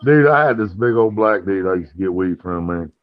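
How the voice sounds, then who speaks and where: A man hosting a casual chat, telling profane stories and acting out the other people's lines in a higher voice. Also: lively intonation, a little fast, no echo. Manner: profane, acts out quoted dialogue in a higher voice. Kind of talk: casual storytelling. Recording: dull lo-fi sound.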